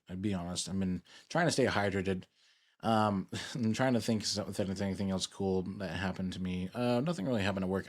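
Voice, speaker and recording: Rambling, jokey male streamer. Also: on the low side. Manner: rambling, self-mocking and jokey. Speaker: VTuber streamer. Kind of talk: casual live-stream chat while gaming.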